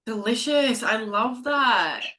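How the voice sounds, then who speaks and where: A woman's voice: on the high side, animated, slow, bright, forceful tone. A woman hosting a casual podcast interview, effusive and affirming toward her guest. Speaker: podcast host.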